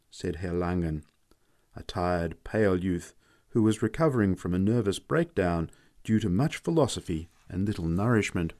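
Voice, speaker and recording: Expressive, deep-voiced male storyteller. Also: normal speed. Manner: wry, expressive. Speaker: audiobook narrator. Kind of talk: reading classic fiction aloud.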